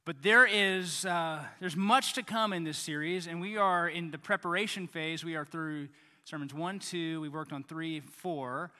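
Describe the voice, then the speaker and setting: A man's voice: on the high side, measured pace, bright, forceful tone, in a large hall. A male pastor giving a casual, joking sermon to his congregation and acting out little everyday scenes for the kids. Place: church hall.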